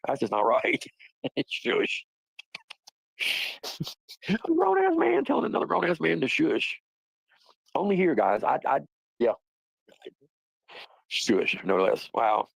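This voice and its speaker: A man's voice: fairly high pitch, wildly swooping pitch, takes it slowly, gravelly, long pauses, slightly rough, no room sound, poor audio. A man hosting a livestream, talking in a rambling, profane, casual way and laughing often. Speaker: livestream host.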